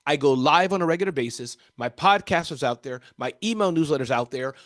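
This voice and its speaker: A high-pitched American man talks with lively, animated energy, answering interview questions like a seasoned keynote speaker. His voice sounds dry and close, with no room in it. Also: a little fast, no room sound. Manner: energetic, animated, often addresses the interviewer by name.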